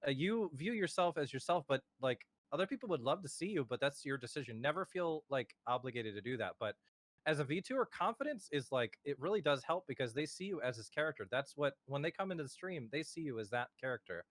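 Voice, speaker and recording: A man's voice: fairly high pitch, expressive, a little fast, a bit bright, no room sound. Rambling young man hosting a podcast. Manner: rambling, many fillers and restarts. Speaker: podcast host. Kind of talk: casual chat. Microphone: home mic over a voice call.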